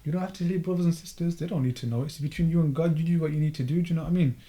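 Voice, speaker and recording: A quick, slightly high-pitched man chatting on a podcast. He tells his story in a rush, slipping into the voices of the people he met along the way. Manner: fast, animated, acts out dialogue in the story. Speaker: podcast guest. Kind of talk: casual storytelling chat.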